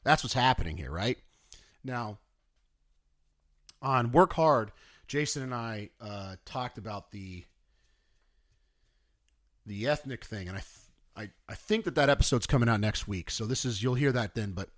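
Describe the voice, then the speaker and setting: A man in his thirties hosting a podcast, ranting sarcastically in a casual monologue and swinging from low mutters to shouting, on a close studio mic. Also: lively intonation, unhurried, pauses often, dry recording. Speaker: podcast host.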